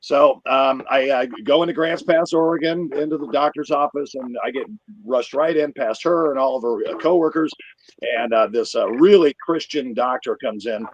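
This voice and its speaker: A man telling a crude, rambling stand-up story, getting loud when he acts himself out. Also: mid-range voice, normal speed, dry recording, dull audio. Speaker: comedian. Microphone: video call.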